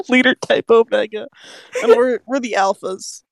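A young woman with a fairly high voice that swings up and down a lot as she tosses in playful, joking remarks. The recording is dry and close. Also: very animated, takes it slowly, vocal fry, no room sound. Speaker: podcast co-host. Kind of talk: casual chat.

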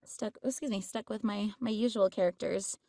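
A woman's voice: mid-range voice, steady tone, brisk, dark tone. A woman voice actress chatting in an interview, bubbly and laughing often, with many fillers. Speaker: voice actress guest. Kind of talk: casual interview chat.

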